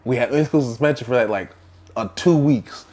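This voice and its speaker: A young man, a podcast co-host, telling a story in a casual, animated way and acting out the people in it. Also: mid-range voice, brisk. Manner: animated, acts out the voices of people in his stories.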